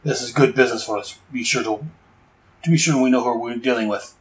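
A man voicing a suspicious male crime boss from a comic, with slow, formal, threatening speech. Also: medium pitch, lightly acted.

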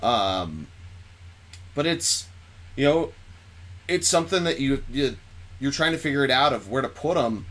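A man hosts a casual sports podcast, his voice bright and forward. He rambles excitably, stops to correct himself and jumps from point to point. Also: medium pitch, a little slow, pauses often. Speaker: podcast host.

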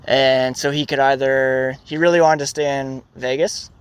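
A podcast host in casual chat, talking in a relaxed, rambling way about sports news. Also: mid-range voice, moderate pace, smooth. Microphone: studio microphone.

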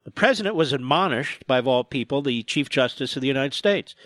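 A man's voice: mid-range voice, animated, brisk, fairly bright tone, no echo, studio quality. A man hosting a talk radio show, delivering emphatic, sarcastic, indignant political commentary.

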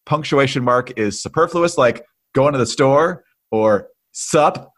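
A man co-hosting a political podcast, chatting in a wry, lively way. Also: medium pitch, unhurried. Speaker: podcast co-host. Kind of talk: casual political podcast chat.

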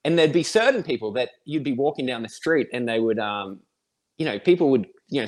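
An Australian man in his thirties, a podcast guest who thinks aloud in a relaxed, reflective way with many fillers. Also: mid-range voice, brisk. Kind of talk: casual conversation.

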